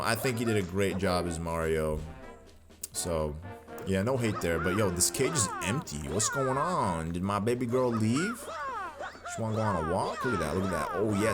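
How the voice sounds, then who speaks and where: A man giving casual, slangy, rambling commentary while playing a video game. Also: fairly low pitch. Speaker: gaming video host. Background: video game music.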